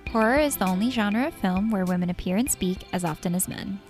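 A woman's voice: medium pitch, fast talker, a little mellow, soft background music. A woman co-hosting a film podcast in casual chat, giggly and full of "like" fillers. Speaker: podcast co-host.

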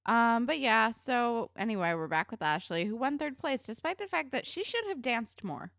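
A woman co-hosts a podcast, chatting about a TV episode in a casual, joking way. Her voice sits fairly high and swings up and down a lot. The recording is dry and close. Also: moderate pace, creaky, dry recording. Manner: chatty, animated, swears, laughs while talking. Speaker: podcast co-host. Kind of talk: casual chat recapping a TV episode.

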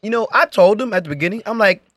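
A podcast co-host with a high-pitched voice talks fast while telling a story in casual conversation. He's animated, acting out the quotes in shifting voices, and the studio-quality recording has no room sound.

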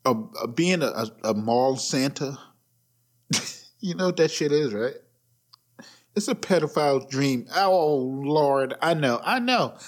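A man's voice: medium pitch, lively intonation, slow, long pauses. A man in his thirties hosting a solo podcast, rambling bluntly with profanity and laughing at his own jokes. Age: 30s. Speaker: podcast host. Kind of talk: casual solo rant.

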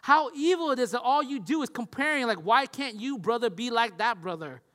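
A male pastor preaching an emphatic sermon in a high, bright voice. He keeps checking in with his listeners, and his words ring through a hall with long reverb. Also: lively intonation, brisk. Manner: emphatic, repeats "right?".

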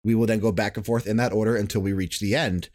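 A man's voice: lowish voice, steady tone, fast, darkish tone, no echo, clean studio sound. A young man hosting a casual gaming podcast, talking in a chatty, rambling way and often restarting his sentences. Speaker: podcast host.

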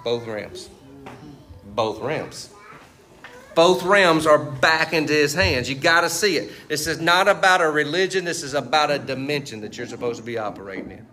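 A man's voice: on the high side, brisk, few pauses, pushed and bright. A male pastor preaching a sermon in a conversational style, quizzing the congregation with fill-in questions and tagging points with "right?". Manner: tags points with "right?" and "you see what I'm saying?".

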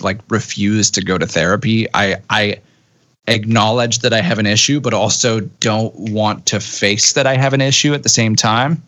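A man's voice: fairly low pitch, fairly bright tone, no room sound. A man with a British accent, a musician and podcast guest, talking in a laid-back, self-deprecating way. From Britain. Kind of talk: casual interview chat.

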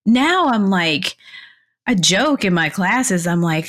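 A woman's voice: mid-range voice, takes it slowly. A woman being interviewed as a podcast guest, a clarity coach and fitness instructor, chatting casually, laughing often and acting out quotes as she tells stories. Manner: animated storyteller who laughs often and acts out quotes.

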